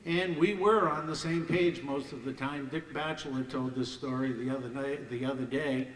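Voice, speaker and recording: An older man telling lively anecdotes at a ceremony on a banquet hall stage and acting out the voices of others, in an echoey hall heard from far off. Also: medium pitch, normal speed, slight background noise. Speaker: hall of fame ceremony speaker. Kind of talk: anecdotal after-dinner storytelling.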